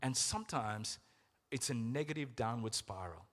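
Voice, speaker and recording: A middle-aged man preaching a sermon as pastor, earnest and emotional, slowing down for emphasis. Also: medium pitch, expressive, a bit bright. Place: church. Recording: reverberant church hall with music.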